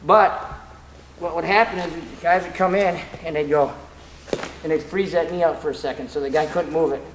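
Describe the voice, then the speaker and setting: A man's voice: on the high side, moderate pace. A man coaching grappling technique on the mat, telling stories as he demonstrates moves. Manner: animated, storytelling, demonstrates moves. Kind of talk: mat-side technique instruction. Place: training gym. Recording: echoey gym, background noise.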